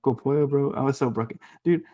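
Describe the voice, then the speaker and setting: A man's voice: mid-range voice, fast talker, mellow, highs cut off, faint music behind. A young man co-hosting a casual podcast, telling rambling stories with lots of laughter and swearing. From grew up half Mexican in the US. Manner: laughs often, swears a lot, rambling storyteller. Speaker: podcast co-host.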